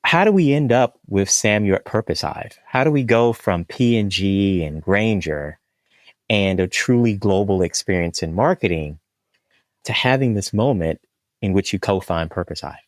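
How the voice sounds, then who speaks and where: A man hosting a podcast interview, asking measured questions and murmuring agreement. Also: lowish voice, lively intonation, no room sound. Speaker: podcast host.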